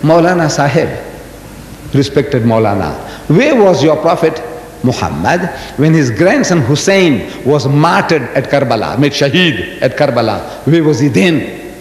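A man's voice: big pitch swings, measured pace. An older man voicing a pushy Christian missionary who presses a debate opponent with insistent questions. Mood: badgering. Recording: roomy hall reverb, faint background rumble.

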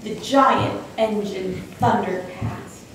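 A woman reading a suspenseful children's story aloud in a church, with expressive storytelling. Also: mid-range voice, slow pace, creaky, noisy background. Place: church sanctuary. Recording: very echoey hall, distant mic.

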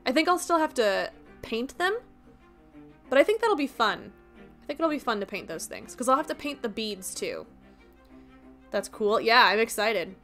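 A woman's voice: on the high side, very animated, sharp tone, soft background music. Chatty, giggly woman streamer. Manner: chatty, giggly, quick to riff on jokes. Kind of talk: casual chat with stream viewers.

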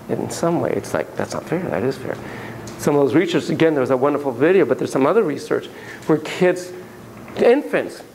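A man's voice: fairly high pitch, rough recording. A man lecturing a class on child psychology, his voice bouncing through a wide melodic range. He talks casually and cracks jokes, breaking into little acted-out examples as he goes. A faint hiss sits behind him. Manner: animated, jokey, acts out examples.

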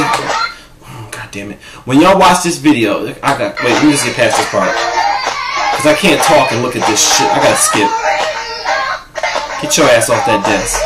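Sassy, foul-mouthed man in an echoey room. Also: fairly high pitch. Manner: sassy, profane and animated. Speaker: vlogger. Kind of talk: casual reaction-video rant. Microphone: camera set up in front of him.

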